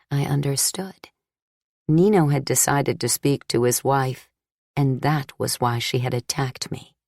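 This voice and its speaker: A woman reading a novel aloud as an audiobook narrator, in a measured, inward first-person style. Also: low voice, creaky, darkish tone, no room sound, clean studio sound.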